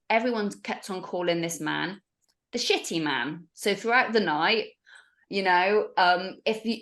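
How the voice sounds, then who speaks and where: A woman, a podcast guest, telling a story in casual chat and acting out the voices of other people. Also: medium pitch. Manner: animated, acts out the voices of others.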